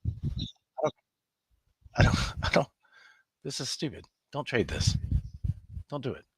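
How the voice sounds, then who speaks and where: A man's voice: medium pitch, big pitch swings, slow pace, breathy edge, dry recording. A man hosting a live trading room, talking emphatically to his viewers, scolding them and laughing often.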